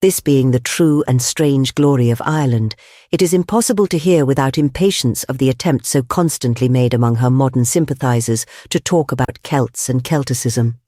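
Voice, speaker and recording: A man reading an essay audiobook in a measured, deliberate way, pausing phrase by phrase, on a close studio mic. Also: mid-range voice, dark tone, dry recording. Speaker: audiobook narrator.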